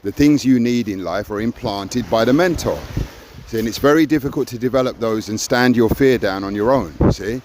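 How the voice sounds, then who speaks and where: A man's voice: medium pitch, moderate pace, background noise. A man in his sixties in an emphatic, reflective conversation, often adding "see?" and acting out quoted encouragement. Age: 60s. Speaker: co-host of a personal growth talk.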